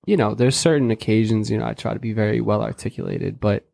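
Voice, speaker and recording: A man with a Boston accent, chatting loosely as a podcast panelist, rambling and swearing in a relaxed way. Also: on the low side, quick pace, creaky, no room sound. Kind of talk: casual panel chat.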